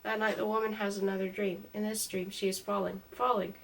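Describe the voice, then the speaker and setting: A woman reading a storybook aloud in a calm, even way, her mic a little distant. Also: medium pitch, a little fast, creaky.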